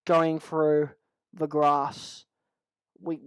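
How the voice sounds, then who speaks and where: A man's voice: sits high, normal speed, no echo, rough recording. A young man with an Australian accent, upset, ranting in a vlog monologue, swearing constantly and restarting his sentences. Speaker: channel host.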